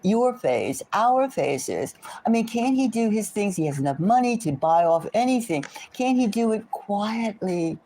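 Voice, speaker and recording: A woman's voice: mid-range voice, expressive, a little slow, few pauses, mellow. A woman hosting a tarot channel, ranting about politics in a rambling, indignant way, full of rhetorical questions and self-interrupting asides. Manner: rambling with frequent restarts and asides. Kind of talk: rambling political commentary to camera.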